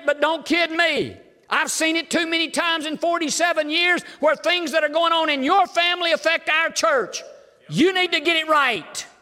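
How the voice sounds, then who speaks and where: An older man preaches, his voice high and lively as it swings between punchy emphasis and quiet folksy asides. The tone is bright and edged, and it rings out into a church hall with long reverb. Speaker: pastor. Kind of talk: sermon. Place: church sanctuary.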